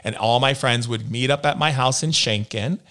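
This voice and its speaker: A man's voice: medium pitch, normal speed, pushed and bright. A man from the United States, a spiritual healer as interview guest, telling stories and acting out the voices he quotes. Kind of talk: storytelling in a conversation.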